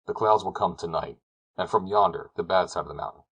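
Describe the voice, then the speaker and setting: Man reading a gruff doubting shepherd, low and a bit raspy, no-nonsense. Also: brisk, a bit bright, heavily acted. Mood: skeptical. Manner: blunt, skeptical countryman. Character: blunt plain-spoken male mountain shepherd.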